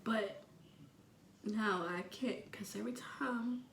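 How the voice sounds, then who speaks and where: A young woman shares a personal story in a vlog, talking slowly and haltingly with lots of fillers. Her voice often sinks to a near whisper. The room is echoey, with faint ambient noise behind her. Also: on the high side, creaky, fairly bright tone, far from the mic. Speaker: vlogger.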